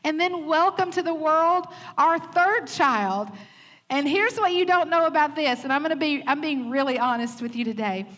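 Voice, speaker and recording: Southern lady preaching on mother's day, high voice, funny and honest about her kids. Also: normal speed, fairly bright tone. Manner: candid and humorous, acts out quotes. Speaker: pastor's wife speaking at church. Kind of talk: Mother's Day sermon with personal stories.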